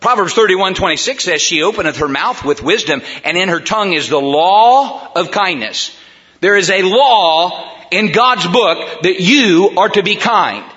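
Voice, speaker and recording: A middle-aged male pastor preaches with a high, bright, ringing voice. He swings from hushed passages to loud, emphatic stretches and stacks up repeated rhetorical questions. The recording sounds dull and lo-fi. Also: animated, unhurried. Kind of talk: sermon.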